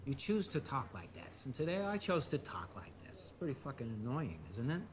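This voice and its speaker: A man's voice: medium pitch, huge pitch swings, brisk, background noise. An actor playing a blunt adult male customer who sarcastically mocks a barista. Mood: deadpan. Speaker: coffee shop customer.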